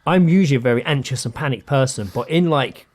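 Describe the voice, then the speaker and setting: A man's voice: medium pitch, fast talker. Guy telling a story on a podcast, casual, acts out the quotes, swears a lot. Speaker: podcast co-host.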